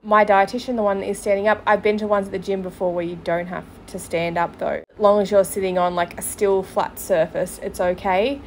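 A woman's voice: mid-range voice, level tone, a little fast, hardly any pauses, slight background noise. A woman hosting a podcast, reacting bluntly to played clips with profane, sarcastic commentary. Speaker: podcast host.

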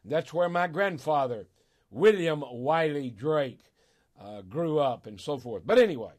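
An older Southern-accented man hosts a call-in radio show as a preacher, his voice sitting a touch high for a man. He is folksy and emotional, laughing often and drawing words out for emphasis. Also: animated, unhurried, a little mellow. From Arkansas, USA. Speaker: radio show host and pastor.

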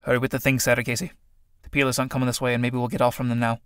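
A man voicing a rough young tinker in a play reading, talking low and mocking. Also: level tone, rapid-fire, fairly bright tone, no echo, clean studio sound, close to an everyday voice. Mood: hurried.

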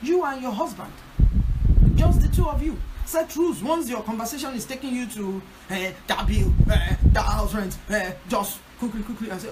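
A woman pastor presses her points home on a prayer line, repeating them with emphasis. Her voice sits a little high. A loud hiss of background noise runs under the whole recording. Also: moderate pace. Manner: emphatic, repetitive exhortation. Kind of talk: teaching talk on a prayer line.

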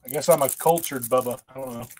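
A man's voice: medium pitch, fast talker, a little mellow, husky. A man hosting a casual livestream, rambling in a folksy, self-mocking way and laughing often. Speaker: host.

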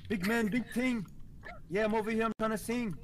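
High, quick young man rapping along. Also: steady tone, over a noisy crowd. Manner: eager, jumps in and takes over the rhyme. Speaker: friend on voice chat. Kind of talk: joking improvised rap.

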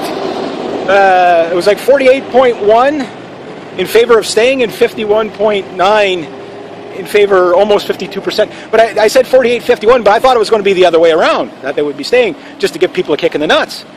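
A man's voice: high voice, slight background noise, poor audio. A man hosting a casual opinion vlog, talking assertively in a rambling way. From Canada. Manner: assertive, rambling, with fillers and restarts. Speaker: channel host.

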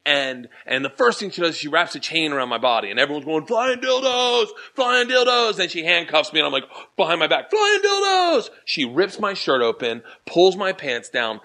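A man's voice: fairly high pitch, fairly quick, few pauses. A middle-aged male comedian telling a profane story as a podcast guest, acting out the crowd's chants as he goes. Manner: animated, profane, acts out chants.

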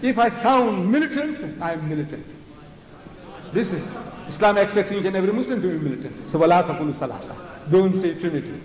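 A forceful, theatrical lecturer in his seventies with a high voice, addressing a crowd in a large hall. The sound is roomy, with a long echo and a faint hiss underneath. He drives his points home and mimics others with scorn. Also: fast. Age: 70s. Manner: forceful, theatrical, with mocking imitations. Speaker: Islamic lecturer. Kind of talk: public religious lecture. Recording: echoey hall with faint noise.

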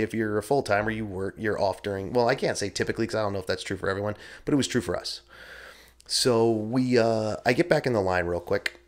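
A man hosting a podcast, telling a story in a casual, rambling, self-deprecating way and swearing freely. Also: on the low side. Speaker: podcast host. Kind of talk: casual first-person storytelling.

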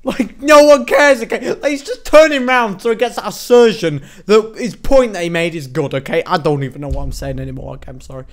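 A young man hosting a casual reaction video, sarcastic and prone to loud exclamations and mocking put-on voices. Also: high voice, fairly quick, hardly any pauses. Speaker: YouTube host reacting to music videos.

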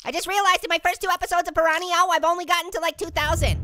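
A man voicing a hyper, pun-loving talking orange, hosting gameplay commentary in a squeaky, sped-up high voice with constant giggly laughs. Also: fairly even intonation, very fast, sharp tone, heavily acted. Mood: manic. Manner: manic punning, constant cackling laughs. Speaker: let's play host. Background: game music.

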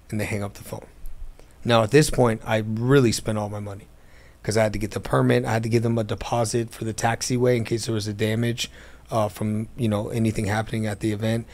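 A man's voice: lowish voice, fairly quick. A man telling his business story in a casual interview, acting out the voices of people in it, recorded in an airplane hangar. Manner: animated, acts out quoted dialogue.

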